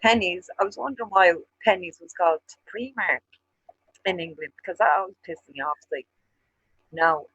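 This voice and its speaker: A woman's voice: lowish voice, moderate pace, fairly bright tone, husky, no room sound, dull audio. A woman from Ireland with a Dublin Irish accent, co-hosting a casual chat, swearing often and telling stories with animation. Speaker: co-host.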